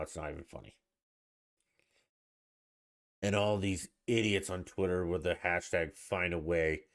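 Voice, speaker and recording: Blunt, cursing deep-voiced podcast host. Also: male voice. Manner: blunt, profane and irritated. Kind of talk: casual solo podcast rant.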